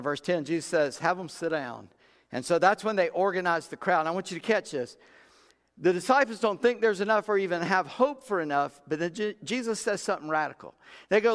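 Male pastor, high voice, folksy conversational sermon, long hall reverb. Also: normal speed. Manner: folksy, conversational preaching that acts out Bible characters. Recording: long reverb of a large room.

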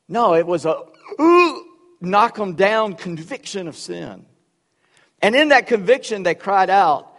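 High-voiced man preaching in a reverberant hall. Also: measured pace. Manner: animated, conversational, with humorous asides. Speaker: pastor. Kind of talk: sermon. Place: church.

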